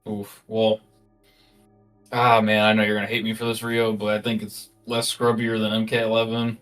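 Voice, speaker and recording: A man's voice: fairly low pitch, monotone, normal speed, a bit bright, faint music behind. A man on a casual gaming podcast who talks in a laid-back, hesitant way and fills his sentences with "uh" and "like". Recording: distant from the mic.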